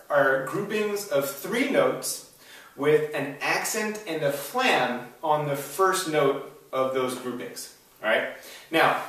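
A young man gives a drum lesson in an upbeat, explanatory way, checking in with the listener often. His voice sits a little high for a man. It rings heavily around a very echoey room, and he stands a bit back from the mic. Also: fairly bright tone, far from the mic. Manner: upbeat, keeps checking in with "all right?" and "right?". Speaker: drum instructor.

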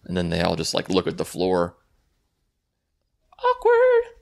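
A man's voice: low-pitched, completely flat delivery, brisk, vocal fry. A man giving a sarcastic, jokey and profane recap of a movie for his channel. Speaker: YouTube movie reviewer.

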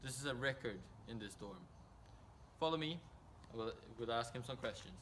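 A man's voice: medium pitch, animated, moderate pace, a bit bright, a little hiss or hum. A young man with a Swedish accent delivering a mock-serious news report in a comedy sketch.

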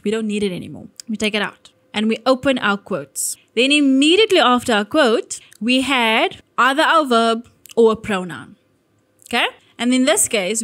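A woman's voice: a little high, a bit bright. A woman teaching an online grammar lesson, upbeat and talking herself through each step, now and then correcting herself. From South Africa. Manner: upbeat, walks through steps aloud, self-correcting.

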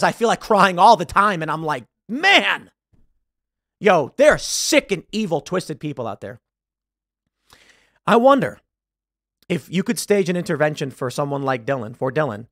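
A man's voice: sits high, fairly bright tone, dry recording, studio quality. A male show host giving emphatic, agitated political commentary.

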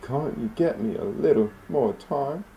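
Man playing a stammering old lady tenant, high and shaky. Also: lively intonation, measured pace, dark tone, slight background noise, rough recording. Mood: pleading.

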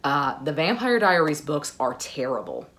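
Low-voiced woman gushing about favorites. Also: sing-song, moderate pace, a bit bright. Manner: gushing, enthusiastic, frequent "uh" fillers. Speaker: book vlogger. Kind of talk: casual chat.

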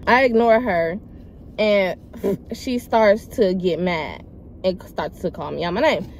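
Young woman, storytime vlog, animated slangy retelling, mid-pitched voice, faint noise behind. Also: slow. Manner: animated, emphatic retelling with loud acted quotes; slangy, rambling, addresses viewers as y'all. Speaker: vlogger telling a personal story. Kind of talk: casual storytime chat.

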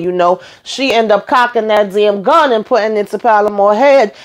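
A woman hosting her own TV show recap, talking in a sassy, animated way straight to her viewers. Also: mid-range voice, normal speed, hardly any pauses. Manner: animated, sassy, talks to viewers as y'all and honey. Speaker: TV recap host. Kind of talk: casual recap chat.

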